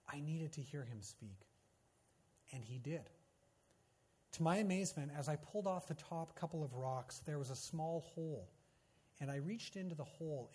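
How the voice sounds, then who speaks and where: A male pastor delivering a Sunday sermon with a slightly raised, husky voice. He builds each point with earnest emphasis, then lets his phrases fall away into hushed endings. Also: fairly high pitch.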